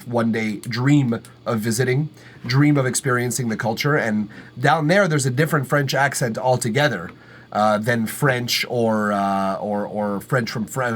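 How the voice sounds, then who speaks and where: A man's voice: medium pitch, a little hiss or hum. A man from Canada hosting a live music-review stream. He chats casually and rambles loosely, swearing freely, using lots of fillers, and laughing at his own remarks. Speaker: livestream music review host. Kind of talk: casual livestream chat.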